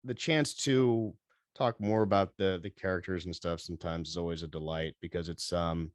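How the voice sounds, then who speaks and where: Brief: very deep man, panel guest, halting answers, dry room. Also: fairly even intonation, no room sound. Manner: hesitant, many fillers. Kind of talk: convention panel talk.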